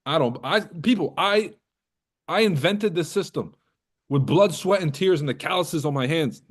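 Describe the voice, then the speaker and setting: A man's voice: on the high side, expressive, measured pace, pauses often, a bit bright. A man hosting a trading livestream in casual, profane, joking talk, roasting and teasing his viewers. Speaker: trading coach and livestream host.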